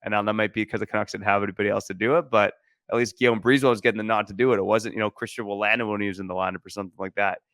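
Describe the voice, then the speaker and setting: A man's voice: fairly low pitch, fairly even intonation, racing, a bit bright, dry recording, clean studio sound. A man co-hosting a casual sports podcast, laying out stats in a laid-back way and laughing easily. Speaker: podcast co-host.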